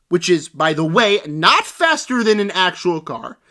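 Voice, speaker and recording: A young man with a high, bright voice rants through a spoiler movie review. He is animated and sarcastic and keeps jumping into mocking voices for the characters. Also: unhurried, hardly any pauses.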